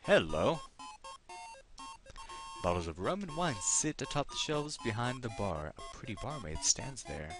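A man's voice: medium pitch, very animated, measured pace, pauses often, music in the background. A man hosting a let's play, chatting and reading game text aloud.

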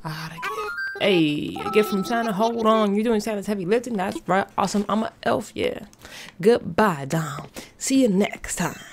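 A woman giving casual gameplay commentary as a vlogger, excitable, rushed and playfully dramatic. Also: medium pitch, slight background noise. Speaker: gaming vlogger.

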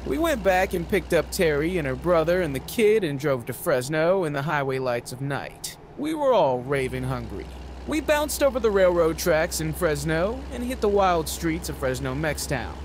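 A man reading a novel aloud as narrator, with an expressive delivery. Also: a little high, normal speed, hardly any pauses, a little hiss or hum. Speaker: audiobook narrator.

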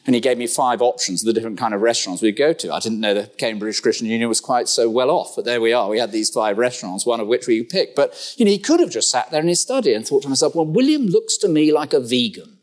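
Animated preacher, wry humor. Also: male voice, medium pitch, fast, few pauses. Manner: animated and humorous, with rhetorical questions. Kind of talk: sermon. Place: church.

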